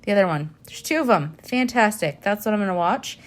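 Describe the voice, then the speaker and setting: A woman's voice: medium pitch, expressive, fairly quick. A woman vlogger chatting casually to her viewers, rambling with lots of fillers and laughs. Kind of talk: casual chat.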